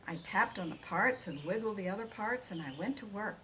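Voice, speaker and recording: A woman reading a children's picture book aloud in an expressive way. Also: medium pitch, fairly quick, hardly any pauses, a little hiss or hum. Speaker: reader. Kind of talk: storybook read-aloud.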